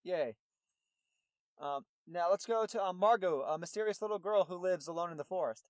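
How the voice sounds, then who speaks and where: High-voiced man rambling on a podcast. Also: normal speed, a little mellow, no echo, clean studio sound. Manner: rambling, lots of fillers and restarts. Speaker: podcast co-host. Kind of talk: casual podcast chat recapping a movie.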